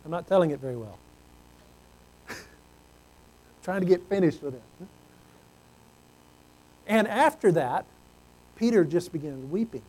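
A man preaching a sermon, earnest, swinging from loud exclamations to hushed low tones. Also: lively intonation, a little slow, pauses often, rough recording.

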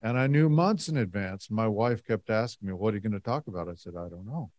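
A man's voice: fairly low pitch, fairly quick, darkish tone, no echo. A middle-aged man telling a long personal story to a church audience in a folksy, rambling way, full of "and, uh" fillers. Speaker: lay speaker giving a talk. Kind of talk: storytelling talk to a congregation.

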